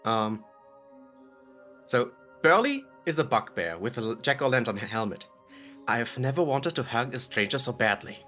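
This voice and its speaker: Giggly man with a bright tense voice. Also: mid-range voice, sing-song, normal speed, faint music behind. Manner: giggly, rambling, self-correcting. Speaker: player recapping the last session. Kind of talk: casual recap of a tabletop game.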